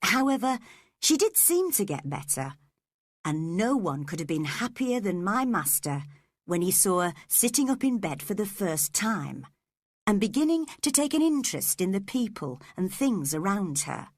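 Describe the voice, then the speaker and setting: A woman narrating an audiobook of a classic novel in a slow, expressive storytelling manner. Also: medium pitch, no echo.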